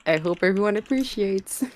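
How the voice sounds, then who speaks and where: A French-speaking woman tells a funny story at a slow pace, her fairly high voice swinging up and down as she giggles. The sound is dry and close. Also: warm tone, no echo. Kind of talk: casual chat.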